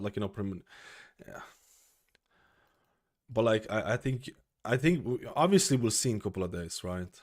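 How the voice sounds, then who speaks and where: A man's voice: lowish voice, darkish tone. Breathless, rambling male streamer. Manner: rambling, uses lots of fillers like "like" and "you know". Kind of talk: casual live-stream commentary.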